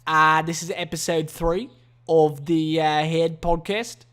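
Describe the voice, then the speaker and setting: A man doing a loud, crude Australian bloke who swears and drags his words into flat endings. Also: a little high, a little slow, clean tone. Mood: brash. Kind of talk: mock accent bit on a solo podcast.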